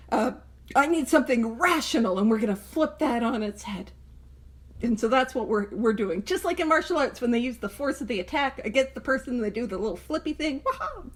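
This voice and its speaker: A woman with a fairly high voice leads a book study in a relaxed, conversational way. She jokes and laughs easily between thoughts. Now and then she reads passages aloud before explaining them. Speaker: host of a recovery book study. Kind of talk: casual explanatory talk.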